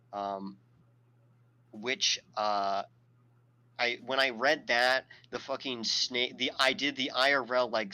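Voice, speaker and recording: A man's voice: lowish voice, sharp tone, highs cut off. A man hosting a podcast, telling a story in a rambling, profane way, full of fillers and his own laughter. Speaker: podcast host. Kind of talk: casual podcast chat.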